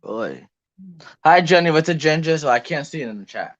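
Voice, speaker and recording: A man's voice: a little high, animated, normal speed, highs cut off. A man hosting a livestream, chatty and casual, greeting viewers and reading questions out. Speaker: host.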